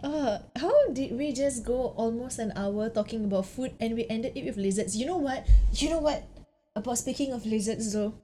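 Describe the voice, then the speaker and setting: A woman's voice: a little high, normal speed, dark tone, a little hiss or hum. Dramatic young Singaporean woman. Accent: Singaporean English. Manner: dramatic, exaggerated storytelling. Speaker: podcast co-host. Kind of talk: casual chat.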